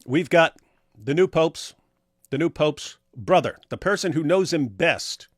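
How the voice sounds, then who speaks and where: A man's voice: on the high side, animated, unhurried, breathy edge, no room sound, studio quality. A man co-hosting a casual livestream, reading viewer comments aloud, rambling and laughing at his own puns.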